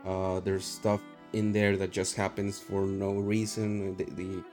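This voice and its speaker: A man giving a measured, analytical game critique on a podcast. His voice is low, flat and mellow. Faint guitar music plays behind him. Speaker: podcast co-host.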